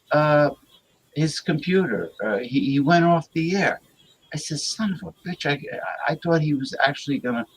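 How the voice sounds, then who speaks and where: Male livestream host, mid-pitched, crude, rambling, stammers through viewer comments. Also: poor audio. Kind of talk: casual rambling chat, reading viewer comments aloud.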